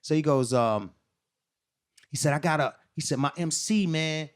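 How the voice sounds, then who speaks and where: A middle-aged New Yorker, appearing as a guest storyteller, tells a long story in casual chat with a slightly high voice at normal speed. He's animated, acts out the voices of the people involved, and laughs often, all in dry, studio-quality audio.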